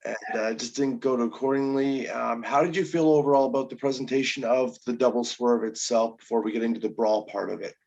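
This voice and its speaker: A man's voice: mid-range voice, a little fast, creaky, few pauses, a little mellow, dull audio. A man co-hosting a casual review chat, loose and joking, with many hesitations. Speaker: co-host.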